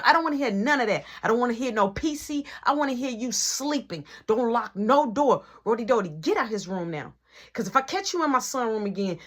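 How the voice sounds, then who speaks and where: A woman voicing a stern mother who scolds her kids in rapid-fire orders. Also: fairly high pitch, fairly bright tone.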